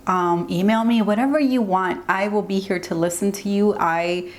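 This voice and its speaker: A woman's voice: mid-range voice, normal speed. Earnest young woman vlogging candidly. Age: young adult. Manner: earnest, open, rambling with many "like"s. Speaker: beauty vlogger. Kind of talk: candid get-ready-with-me vlog talk.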